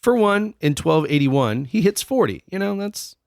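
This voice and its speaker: Young male podcast co-host with a slightly high voice, dry close sound, swearing and joking as he tells the story. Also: very animated, normal speed, gravelly, darkish tone, no room sound. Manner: profane, jokey, puts on silly voices. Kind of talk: comedic history podcast storytelling.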